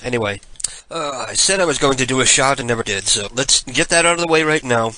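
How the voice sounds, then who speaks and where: A man's voice: medium pitch, expressive, fast talker, bright, forceful tone, poor audio. A man in his forties hosting a live prank call show, telling stories in a rambling, self-mocking way with chuckles. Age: 40s. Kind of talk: casual live radio monologue.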